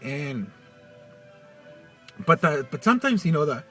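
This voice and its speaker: A man talking in a personal vlog, halting and full of restarts, getting choked up as he speaks. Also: on the high side, very animated, pushed and bright, recorded from a distance, faint music behind. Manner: halting, many restarts and fillers. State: choked up, near tears. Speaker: vlogger.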